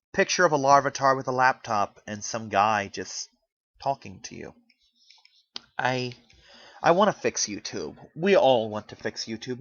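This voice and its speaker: This YouTuber's mid-range, slightly bright voice comes through lo-fi on a home microphone. Speaking to camera, he delivers an earnest, pleading rant, rambling with restarts as it comes from the heart.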